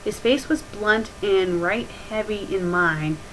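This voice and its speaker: A woman's voice: mid-range voice, takes it slowly, a little hiss or hum, poor audio. A woman hosting a comedic review, reading bad fan fiction aloud and mocking it with sarcastic asides.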